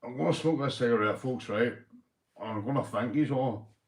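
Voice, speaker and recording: A man's voice: mid-range voice, normal speed, echoey room. A tipsy Northern Irish man hosting a livestream, rambling, swearing and laughing often as he chats to viewers. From Northern Ireland. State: tipsy after a few beers. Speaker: livestream host. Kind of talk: casual livestream chat.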